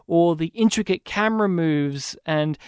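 An Australian man co-hosting a podcast, chatting casually about a film with quick asides. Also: on the high side, clear, resonant tone, no room sound, studio quality. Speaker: podcast co-host.

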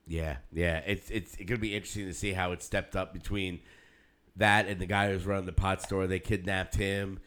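A man talks casually on a podcast, with a lowish voice. He rambles, laughs often and mimics the people he quotes. His talk is loose and friendly, full of fillers. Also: little pitch movement, moderate pace, fairly bright tone. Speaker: podcast co-host. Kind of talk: casual chat.

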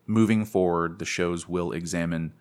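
A man's voice: low voice, steady tone, normal speed, a little mellow, smooth. A man co-hosting a podcast in casual chat, playful and rambling, making jokes at his own expense. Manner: playful, rambling, self-mocking. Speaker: podcast co-host.

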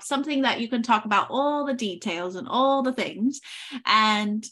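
A woman's voice: a little high, pushed and bright. A woman hosting a podcast, responding in an encouraging, reflective way and addressing her listeners. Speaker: podcast host. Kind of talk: interview conversation.

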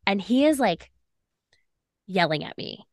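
A woman's voice: medium pitch, unhurried, dry recording, studio quality. A young woman co-hosting a podcast, telling a personal story casually, full of "like" and acted-out quotes. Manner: animated, fillers of "like", acts out quoted lines. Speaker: podcast co-host.

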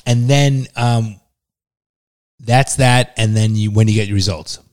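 A man's voice: fairly low pitch, steady tone, measured pace, darkish tone. A man in his fifties, a lawyer who runs his own firm, chatting casually and asking lots of curious, teasing questions. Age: 50s. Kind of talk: casual family chat.

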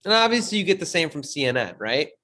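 A man's voice: fairly high pitch, big pitch swings, fast, bright, forceful tone. A man co-hosting a podcast, bantering casually with laughs and slang. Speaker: podcast co-host. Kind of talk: casual chat.

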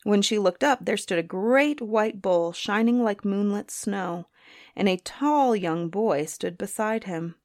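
A woman storyteller reading a storybook aloud in an expressive, gently animated way. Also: medium pitch, unhurried, no echo, studio quality.

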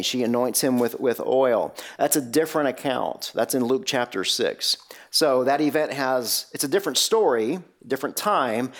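A man preaching a sermon, telling a Bible story with lively rhetorical questions and shifting pace. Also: medium pitch.

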